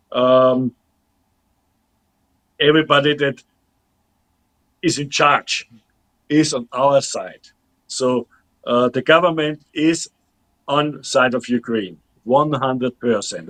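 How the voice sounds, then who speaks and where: A man from Austria who is a combat medic instructor, talking as an interview guest in a halting way with many restarts. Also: mid-range voice, a bit bright, low-quality recording. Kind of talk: casual interview chat.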